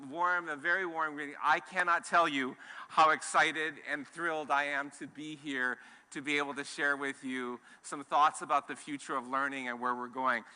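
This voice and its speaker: A middle-aged man from Hawaii gives a keynote on a conference stage, eager and full of restarts. His voice is bright and forceful, a touch higher than most men. It rings through a large hall. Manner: warm, enthusiastic, with restarts. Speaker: conference speaker. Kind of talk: keynote talk to a live audience. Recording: long hall reverb.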